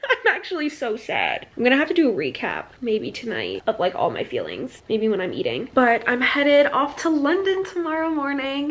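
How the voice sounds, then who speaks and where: A young woman talking casually into a handheld phone camera as a travel vlogger, full of "like" and quick laughs, first walking by the seaside and then indoors. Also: on the high side. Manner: chatty, lots of "like", laughs often. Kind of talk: casual vlog chat. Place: out on a seaside walkway, then indoors at her rental.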